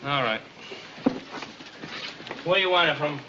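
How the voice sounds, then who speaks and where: A moody Cuban bandleader. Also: male voice, a little high, expressive, measured pace. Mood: brisk. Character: moody Cuban bandleader husband, missing his wife. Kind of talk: 1950s sitcom acting. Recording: muffled old TV soundtrack, distant, hiss.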